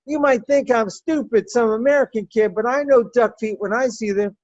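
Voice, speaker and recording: A woman telling a personal story in an animated, wry and profane way. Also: a little high, moderate pace, few pauses, dry recording, muffled recording.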